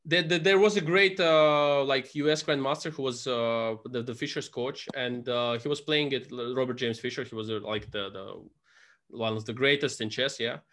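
A man's voice: mid-range voice, fairly even intonation, moderate pace, a bit bright. A male host of a casual conversation, telling rambling stories full of fillers. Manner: rambling storyteller, filler-heavy.

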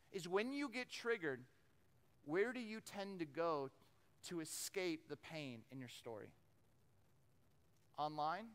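Guy telling stories from the pulpit, high-ish voice, big church echo. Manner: animated storyteller, acts out voices, stammers and repeats. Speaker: preacher. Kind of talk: storytelling sermon. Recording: long hall reverb.

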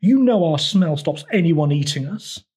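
A man's voice: a little high, expressive, a little slow, warm tone, voice pushed up. A man voicing a proud, bragging toad in a picture-book read-aloud, speaking in a blustering, boastful way.

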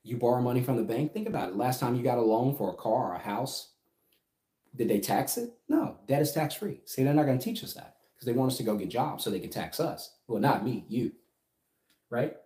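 A man's voice: mid-range voice, expressive, fairly quick, dark tone. A middle-aged man giving an emphatic, casual business lesson on a livestream, often checking in with "right?". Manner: emphatic, keeps asking "right?". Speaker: business coach. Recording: echoey room.

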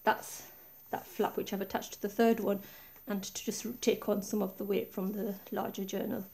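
A tablet camera perched above her desk records a woman gently pointing out every pocket and flap of her craft project. Her voice is medium-pitched, soft, mellow, and gravelly, at a normal speed, and her step-by-step walkthrough feels relaxed and chatty rather than polished.

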